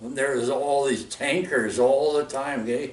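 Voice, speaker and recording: A man's voice: medium pitch, steady tone, a little slow. A man with a Canadian accent ranting in a casual, rambling way, full of fillers, restarts and "eh". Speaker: vlogger. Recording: echoey room, mic far off.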